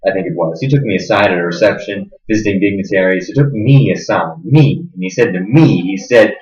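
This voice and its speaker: An actor playing a smug, sadistic middle-aged interrogator who sneers and swings between hushed menace and sudden loudness, in a roomy, dull recording. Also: male voice, sits low, brisk, natural voice. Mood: menacing. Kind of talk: stage drama acting.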